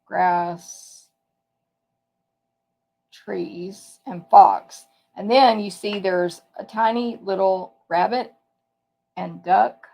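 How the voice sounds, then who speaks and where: A woman's voice: mid-range voice, gravelly, a little mellow. A woman giving a casual live tour of papercraft products, chatty, thinking aloud and correcting herself as she goes. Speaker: papercraft demonstrator.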